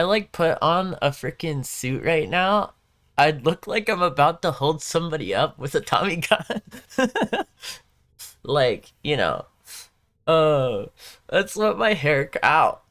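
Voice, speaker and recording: A streamer leans into a Southern Californian valley-girl drawl, stretching words out slowly while the pitch swings up and down. The talk is loose and chatty, packed with "like" and "you know" and breaking into laughs often. It sounds like a relaxed home stream on a close desk mic. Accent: Southern Californian, Valley Girl style. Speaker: game streamer. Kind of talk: casual live-stream chat.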